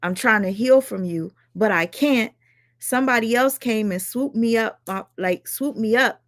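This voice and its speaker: A woman's voice: fairly high pitch, moderate pace, no echo. Casual, candid woman streamer, dry sound. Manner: candid, swears freely. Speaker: reaction streamer. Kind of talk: casual chat.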